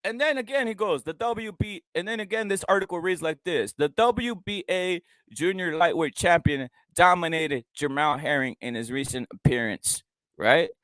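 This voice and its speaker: A man's voice: fairly high pitch, normal speed, fairly bright tone, no echo, low-quality recording. A man ranting profanely as he reads boxing news aloud, breaking off to mock what he reads. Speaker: boxing commentary host. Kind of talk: ranting solo commentary.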